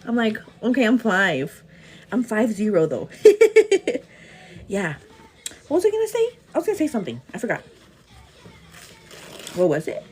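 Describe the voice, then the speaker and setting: A young woman hosts a casual morning livestream, giggling as she chats. Her voice sits a little high and swings widely. It has a husky, breathy edge. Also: big pitch swings, moderate pace, pauses often, a little mellow. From El Paso, Texas. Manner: giggly, chatty, often says girl. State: pregnant. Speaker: livestream host.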